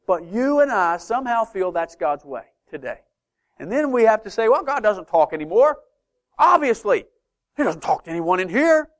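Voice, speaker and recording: Delivering a sermon in church, the male preacher is animated and throws out rhetorical questions, shifting from gentle asides to loud emphasis. His voice sits high and his pace is moderate.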